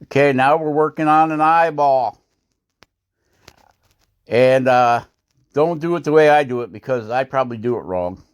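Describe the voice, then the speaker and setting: A man's voice: medium pitch, moderate pace, long pauses, clean tone. A man hosting a woodcarving channel, talking through his work in a casual how-to voice-over, rambling and self-deprecating with frequent chuckles.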